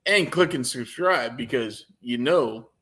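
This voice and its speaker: A man co-hosting a podcast, opinionated and blunt, swearing casually in relaxed chat. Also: medium pitch, a little slow, husky. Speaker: podcast co-host. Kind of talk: casual chat about wrestling.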